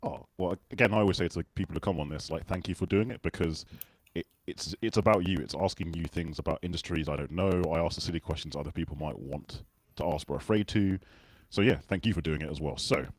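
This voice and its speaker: A man's voice: deep voice, fast talker, no echo. A British man hosting a casual livestream chat, rambling and self-deprecating as he talks. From Britain. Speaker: livestream host.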